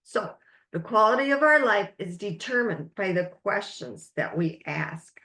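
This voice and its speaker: A woman life coach leading a webinar masterclass, speaking in slow, emphatic, drawn-out phrases. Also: mid-range voice, animated, sharp tone, echoey room.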